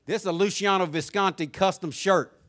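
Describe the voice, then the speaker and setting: An older man with a Southern US accent preaching a sermon as pastor, rising to shouted crescendos and dropping to low conversational asides. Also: fairly quick.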